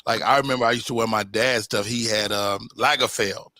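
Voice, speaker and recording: A man's voice: lowish voice, fairly even intonation, fairly quick, sharp tone, dry recording. A man hosting a podcast in casual chat, playful and joking. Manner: playful, joking, quotes people in put-on voices. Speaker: podcast host.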